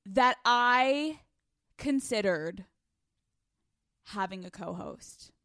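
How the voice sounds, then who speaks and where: A young woman hosting a podcast from a couch at home, telling stories in casual, animated chat full of swearing. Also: mid-range voice, extremely slow, dry recording, clean studio sound. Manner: animated, profane, storytelling. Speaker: podcast host.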